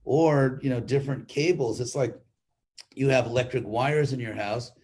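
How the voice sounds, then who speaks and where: A man's voice: medium pitch, normal speed, darkish tone, a little hiss or hum. An older man teaching a live spiritual class, talking informally with restarts and wry humor as he tells a story. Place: online class stream.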